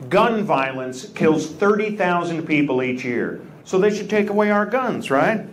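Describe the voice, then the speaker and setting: Brash stand-up comic man, lively pitch. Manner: brash, teasing, quick punchlines. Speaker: stand-up comedian. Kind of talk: crowd work stand-up. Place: comedy club stage. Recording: echoey club with loud crowd noise.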